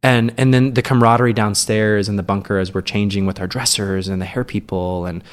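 A man's voice: lowish voice, steady tone, fairly quick. A man who is a stage actor, talking as a podcast guest in casual chat, rambling with frequent restarts.

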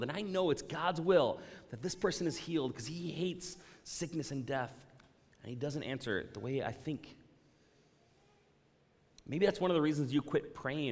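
A man preaching a sermon as pastor, conversational and animated, acting out the voices of the people in his examples. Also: fairly high pitch. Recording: long hall reverb.

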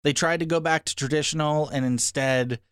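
Smooth-voiced man in casual review chat. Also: fairly high pitch, steady tone, a little fast, fairly bright tone, no echo, studio quality. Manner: rambling, frank, mocking. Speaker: podcast co-host.

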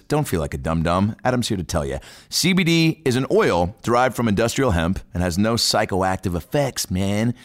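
A man's voice: fairly low pitch, big pitch swings, a little fast. A man reading a sponsor ad on a podcast, playful and joking between lines. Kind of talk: read ad spot, joking.

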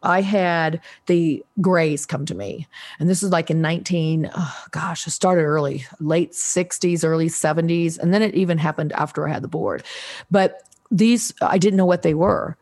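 A woman in her sixties, a guest on a podcast, telling a story in a casual, animated way and acting out quoted voices. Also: lowish voice, a little fast. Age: 60s. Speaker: guest, Ouija board historian.

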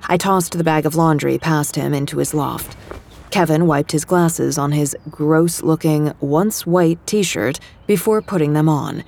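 A young woman reads a first-person story with wry, conversational ease. Her voice is low and breathy-husky, and her telling stays relaxed and dry. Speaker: narrator. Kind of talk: scripted fiction narration.

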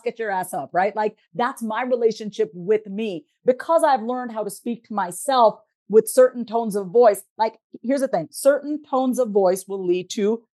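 A woman therapist and life coach talks as a podcast guest, direct and emphatic in a motivational way. Her voice sits in a middle pitch range. The recording is dry, with no room sound. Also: a little mellow, no room sound. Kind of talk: podcast interview talk.

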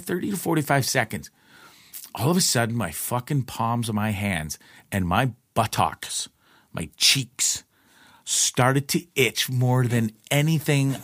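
A man telling a personal story in casual, profane speech, with lots of restarts and an animated delivery. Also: no echo, clean studio sound. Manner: profane, rambling, restarts often; animated retelling, pitch jumps in quoted lines.

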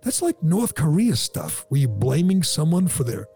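A man's voice: on the high side, sing-song, moderate pace, warm tone, soft background music. A man hosting a talk show, ranting in an indignant, sarcastic way. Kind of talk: opinionated talk radio chat.

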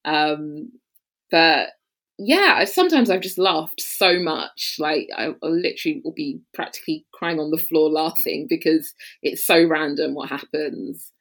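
A woman from London with a London English accent, chatting as a podcast guest, laughing often and filling pauses with "um" and "you know.". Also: low voice, lively intonation, a bit bright. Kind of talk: casual interview chat.

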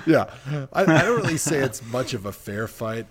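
A man's voice: medium pitch, very animated, moderate pace, a crowd in the background. A man co-hosting a sports podcast, giving opinionated takes in a joking, rambling way. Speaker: podcast co-host, former NFL player. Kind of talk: casual sports chat.

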